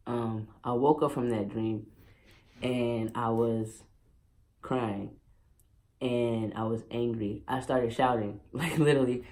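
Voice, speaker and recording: A man's voice: mid-range voice, dark tone. A young man vlogging at home, telling a personal story in a candid, emotional way with many fillers.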